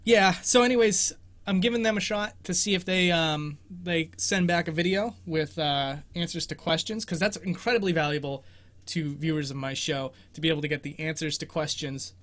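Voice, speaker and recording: Bright, chatty young man hosting live. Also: fairly high pitch, moderate pace. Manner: rambling, self-deprecating, laughs often. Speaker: host of a game exploration show. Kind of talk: casual livestream Q&A commentary. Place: bedroom.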